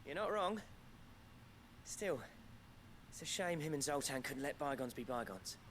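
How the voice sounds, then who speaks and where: A man's voice: a little high, expressive, unhurried, fairly bright tone, a little hiss or hum. An actor playing an easygoing, plain-spoken male villager in a video game.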